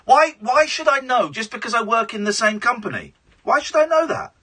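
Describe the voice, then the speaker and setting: Sex: male. Role: radio phone-in host. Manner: sarcastic, combative. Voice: high, lively, bright, husky. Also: a little fast. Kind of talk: live radio phone-in argument.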